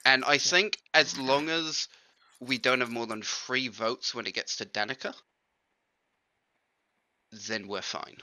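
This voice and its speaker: A man playing a social deduction game, laying out his strategy step by step in a measured way. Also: mid-range voice, pushed and bright, no room sound, rough recording. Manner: measured, reasoning aloud step by step. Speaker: player. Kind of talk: strategy explanation during a game.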